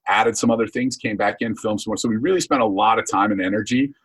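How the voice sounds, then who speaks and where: A man's voice: fairly low pitch, quick pace, husky. A man guest on a podcast, talking casually and rambling with many fillers about his coaching course. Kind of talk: casual interview chat.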